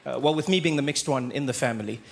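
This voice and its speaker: A man doing animated stand-up storytelling on a handheld mic in a large venue. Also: medium pitch, fast talker, creaky. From South Africa. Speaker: stand-up comedian. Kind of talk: stand-up comedy. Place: large live comedy venue. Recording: roomy live venue with audience noise.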